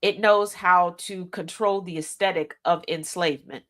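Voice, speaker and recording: A woman's voice: on the low side, steady tone, moderate pace, a bit bright. Lady radio host going off on a topic, talks right at the listeners, repeats stuff to hammer it home, folksy slang. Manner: emphatic, addresses listeners directly with rhetorical questions; repeats key lines for emphasis. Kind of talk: opinionated commentary monologue.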